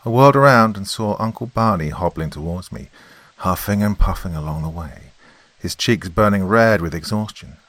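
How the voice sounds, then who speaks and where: A man with a very deep, low voice reads a first-person horror story. His delivery is tense and dramatic, and the sound is dry and close with no room echo. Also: expressive, moderate pace, a bit bright. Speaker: narrator.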